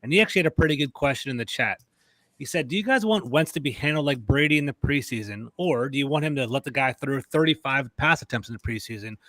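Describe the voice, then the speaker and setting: A man's voice: medium pitch, fairly bright tone, no room sound. A man hosting a casual sports roundtable, rambling and conversational as he leads the discussion. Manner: rambling, conversational, fast-talking. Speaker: podcast host.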